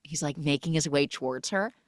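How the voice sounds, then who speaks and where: A woman hosting a podcast, recapping a film in a casual, animated storytelling way and acting out the characters' lines. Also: low voice, brisk, no room sound, studio quality. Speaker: podcast host.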